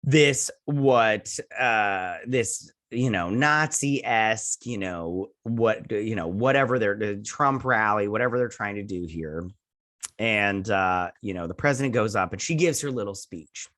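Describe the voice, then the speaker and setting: A man's voice: lowish voice, unhurried, a bit bright. Guy rambling through an episode recap, super casual, tons of ums and likes, does silly voices for quotes. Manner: loose and chatty, heavy with fillers and restarts, acting out quotes in goofy voices. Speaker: show host reviewing a TV episode.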